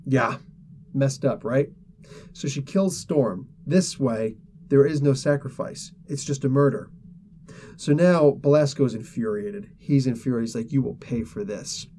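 A man's voice: medium pitch, a little slow, warm tone, slight background noise. A man hosting a casual comic book review, retelling a story in a rambling way full of fillers.

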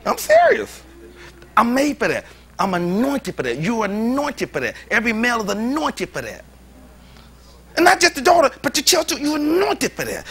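A male pastor delivers a sermon with a high, lively voice that leaps up and down. He jokes and laughs easily and talks in loose, everyday speech. His tone is bright and ringing. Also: husky. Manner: animated, joking preaching with laughs; informal, colloquial speech.

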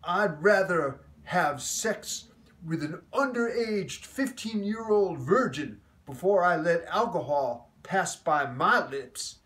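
A loud, high-pitched, booming Southern Baptist minister, as a man puts him on, drawling each word slowly with grave, solemn seriousness. The voice sits well above the teller's own and carries as if called out from a step back. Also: animated, far from the mic, exaggerated voice. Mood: solemn indignant. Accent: American Southern drawl. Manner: slow, solemn pronouncement.

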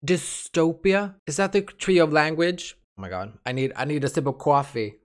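Excitable reaction host, shrieking and gasping. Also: fairly quick. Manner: excitable, bursts into gasps, shrieks and swearing; lively, jumpy pitch. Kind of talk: casual reaction commentary.

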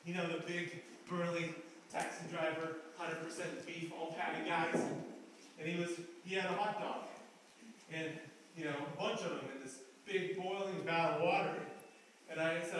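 A man performing a live stage monologue in an art gallery, halting and repeating phrases as he restarts, heard from far off in an echoey room. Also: on the high side, level tone, fairly bright tone, a little hiss or hum. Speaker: performance artist.

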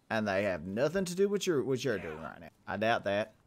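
A young man hosting a let's play, chatting excitably and joking at himself over the game. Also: fairly low pitch, a little fast, hardly any pauses. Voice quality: chatty, excitable, self-mocking. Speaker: gaming channel host.

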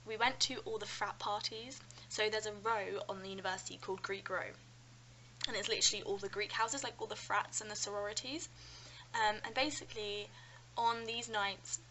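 A woman's voice: medium pitch, slight background noise, poor audio. A nineteen-year-old woman from London with a British accent, chatting casually in a vlog and telling stories with lots of "like" and "um". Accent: British English. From London, England. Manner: chatty, animated storytelling with frequent "like" and "um". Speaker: vlogger. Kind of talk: casual chat.

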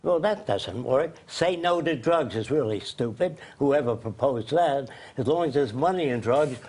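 A man's voice: mid-range voice, expressive, normal speed, a little mellow. A man speaking as an interview guest, blunt and emphatic, in a lecturing way.

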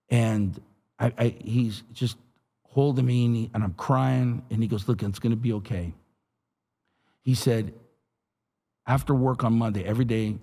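A middle-aged man, a pastor, telling his testimony in an animated, street-talking way. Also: medium pitch. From Los Angeles area. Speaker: pastor and guest. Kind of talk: storytelling testimony.

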